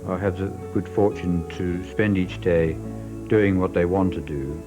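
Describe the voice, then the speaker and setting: A man, an artist, speaking in a thoughtful, measured and slightly self-deprecating way in an interview. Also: sits low, fairly even intonation, lo-fi sound, music in the background. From Britain. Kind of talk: reflective interview.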